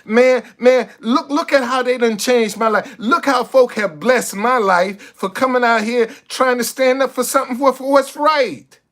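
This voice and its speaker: This man, a street activist vlogger, has a very high-pitched, fairly bright voice. His monologue is impassioned, sarcastic and preachy, full of stammered restarts on repeated words, with faint background music.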